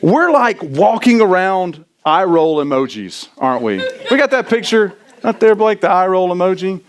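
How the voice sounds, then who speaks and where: A middle-aged man preaching a sermon in a church, animated and self-deprecating, often tossing in "right?" to the congregation. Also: high-pitched, normal speed. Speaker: pastor. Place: church sanctuary.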